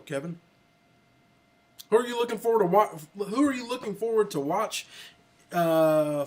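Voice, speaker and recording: Easygoing country-accented man, higher voice. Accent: American Southern country. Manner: rambling, easygoing, frequent ums and restarts. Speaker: livestream host. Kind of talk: casual livestream chat reading comments. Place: office.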